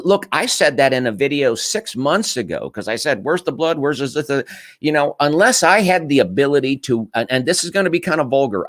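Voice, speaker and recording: A man's voice: lowish voice, dry recording. Emphatic man, dry close sound. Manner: emphatic, repetitive, frequent restarts. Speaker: political commentary host. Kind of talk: casual political commentary.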